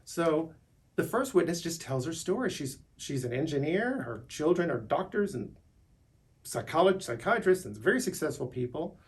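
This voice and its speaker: Higher-voiced man rambling emphatically. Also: sing-song, moderate pace. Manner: rambling, emphatic, restarts words, voice climbs when indignant. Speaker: vlogger. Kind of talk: unscripted monologue to camera.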